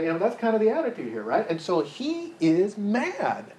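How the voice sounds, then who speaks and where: A man's voice: high-pitched, wildly swooping pitch, normal speed, hardly any pauses, a little mellow, dull audio. A man teaching a Bible study in a chatty, conversational way, asking his group questions as he goes. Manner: chatty, asks the group questions, many restarts. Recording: roomy echo, faint background hiss.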